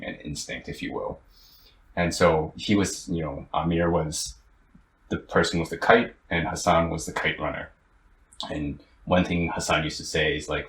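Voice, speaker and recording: A young man co-hosting a podcast, retelling a story in casual chat with lots of restarts and fillers. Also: rumbling low. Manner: animated, halting storyteller with many restarts. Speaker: podcast co-host. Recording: roomy, with faint ambient noise.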